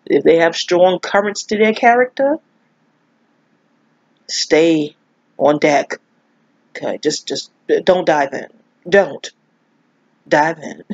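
New woman, husky, chatty and profane storyteller, dry lo-fi audio. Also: mid-range voice, a little mellow, no room sound. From New York. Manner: candid, profane, rambling storyteller who laughs often. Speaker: astrology vlogger. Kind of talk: casual spoken monologue. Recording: dull lo-fi audio.

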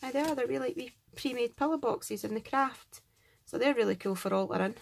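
A Scottish woman hosting a craft channel unboxes gifts on camera, chatting and gushing over each one and warmly thanking every sender. Her voice is a little high and fairly quick with vocal fry, over slight background noise.

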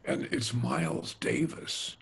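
Gravelly husky older man telling stories. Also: mid-range voice, slow pace. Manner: animated storyteller, slangy and hip, mimics voices. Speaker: jazz drummer telling stories. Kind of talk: casual storytelling interview.

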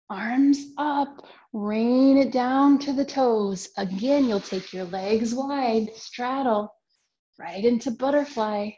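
A young woman leads a children's yoga class, with a fairly high voice and a slow, unhurried pace. She talks in a gentle, sing-song way, cheering the kids on through each pose. The sound is dull and lo-fi, like a home camera recording. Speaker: kids' yoga teacher. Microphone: camera mic.

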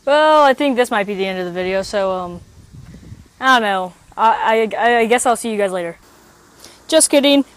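A woman chatting casually in an outdoor vlog, rambling and excitable, recorded on a handheld phone. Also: mid-range voice, brisk. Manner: excitable, rambling, bursts into yells. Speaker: vlogger. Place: outdoors on a hill.

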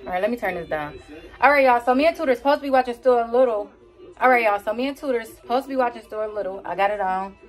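A woman's voice: on the high side, animated, quick pace, soft background music. A woman chatting casually in a home vlog, talking straight to her viewers as she films herself on a phone. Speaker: vlogger.

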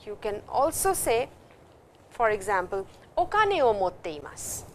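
Very animated and speaking a little slowly at a medium pitch, a woman with an Indian English accent delivers a recorded Japanese language lecture. She reads example sentences aloud and explains them in English, and a bit of hiss or hum is audible.

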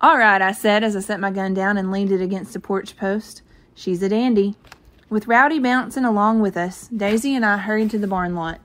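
A woman's voice: mid-range voice, fairly even intonation, a little fast, few pauses. Woman reading a novel aloud. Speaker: reader.

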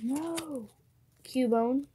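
A woman chatting casually to herself and her viewers while opening trading card packs, muttering card names and breaking into excited cheers. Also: sits high, very slow, noisy background.

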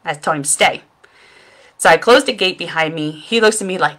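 Her voice is lowish and fairly bright, moving at a moderate pace. The speaker, a middle-aged makeup seller and vlogger, sits at home at her webcam for a casual storytelling vlog, rambling through a self-deprecating story and laughing at her own expense.

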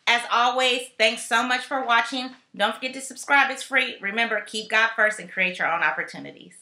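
A woman's voice: fairly high pitch, fairly quick, sharp tone. Chatty woman vlogger, echoey room. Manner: chatty and playful, with slang asides. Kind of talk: casual chat. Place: home in California.

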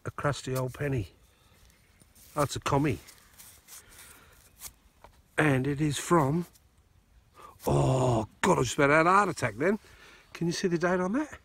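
A man's voice: a little high, a little slow, pauses often, a bit bright, slightly rough. An Australian man hosting a metal detecting outing outdoors, chatty and joking, filmed on a phone. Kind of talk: casual chat. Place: dry field outdoors. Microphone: phone camera.

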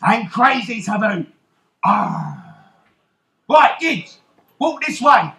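Man playing a showy rum-loving pirate captain for a kids' stage show, very high and bright, roomy theatre hall. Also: sing-song, very slow, full character voice. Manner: theatrical, teasing, calls out to the crowd. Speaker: stage actor. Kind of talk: live children's stage show with audience banter.

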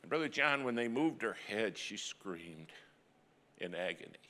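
A middle-aged man preaching a sermon as a dramatic story, swinging from loud cries to hushed, near-whispered lines. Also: lowish voice, expressive, a little slow. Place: church sanctuary. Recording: long church hall reverb.

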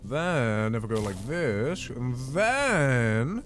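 A man commentating a horror game playthrough, swinging from quiet muttering to panicked shouts. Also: a little high, big pitch swings, slow pace, soft background music. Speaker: gaming video host.

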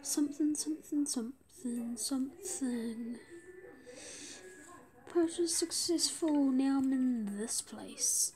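Woman gamer, slightly high voice, unhurried commentary that slips into whispers. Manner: often drops to a whisper, with excited bursts. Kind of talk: gameplay commentary.

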